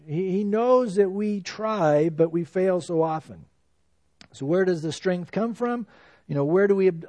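Male pastor, high and lively voice, conversational Bible teaching, dry close sound. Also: no echo. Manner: animated, conversational preaching with emphatic rises. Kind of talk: expository Bible sermon.

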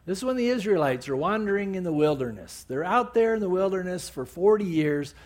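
A male preacher retelling a Bible story in a sermon, with animated storytelling and bursts of emphasis. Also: high voice, a little fast.

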